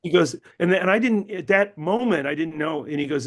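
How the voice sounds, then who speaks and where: A man's voice: fairly quick, hardly any pauses. A middle-aged man, a novelist being interviewed, telling stories animatedly, acting out quotes and often repeating words as he restarts. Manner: animated, acts out quotes with big pitch jumps. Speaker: novelist guest.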